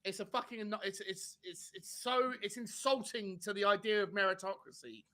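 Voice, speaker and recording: A man's voice: sits high, moderate pace, pushed and bright. A man reacting live to a football match as a watchalong co-host, ranting furiously with lots of swearing.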